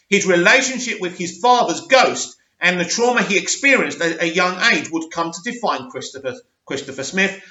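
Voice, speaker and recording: A young man hosting a channel, reading news articles aloud with opinionated asides and a slightly hoarse voice. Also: high voice, pushed and bright. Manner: reads aloud, stumbles on names, adds opinionated asides. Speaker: host. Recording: roomy, slightly dull sound.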